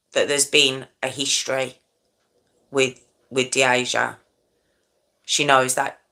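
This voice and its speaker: A woman's voice: deep voice, sharp tone. A middle-aged woman hosting a true crime channel, recounting a case conversationally, often checking in with "okay?" and reacting with shock. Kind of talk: true crime commentary monologue.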